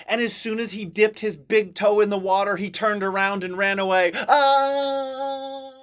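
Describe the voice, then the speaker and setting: A man narrating a Bible story for children, telling it in a dramatic, expressive way with big swings in delivery. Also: high voice, fairly quick, clear, resonant tone. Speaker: children's ministry teacher.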